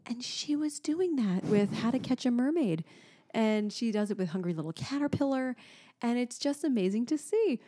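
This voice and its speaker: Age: 30s. Sex: woman. Tone: mellow, storytelling. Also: on the high side, moderate pace. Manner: animated storytelling, often trails off and restarts. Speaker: podcast co-host. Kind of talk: casual chat.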